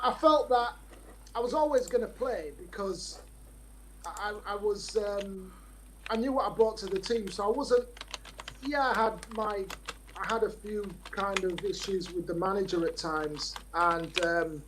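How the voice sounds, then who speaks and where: A man in his fifties, a former footballer, talking as a podcast guest and telling relaxed stories full of fillers and restarts. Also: high-pitched, a little hiss or hum, low-quality recording. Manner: relaxed anecdotal storytelling with many fillers. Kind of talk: podcast interview.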